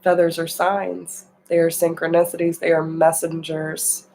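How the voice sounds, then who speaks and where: Slow, earnest tarot-reading woman. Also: lowish voice, level tone, darkish tone, slight background noise, poor audio. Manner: earnest, emotional, speaks to viewers directly. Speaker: tarot reader.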